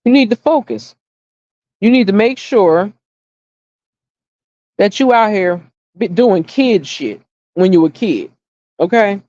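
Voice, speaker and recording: A middle-aged woman talks straight through a casual livestream, blunt and salty, leaning on repeated lines to drive her point home. Her voice sits at an ordinary pitch for a woman. The sound is dry and a bit dull, like lo-fi home stream audio. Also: lively intonation, slow, pauses often, warm tone, dry recording. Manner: blunt, opinionated, swears freely; storytelling, emphatic repetition. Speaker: livestream host.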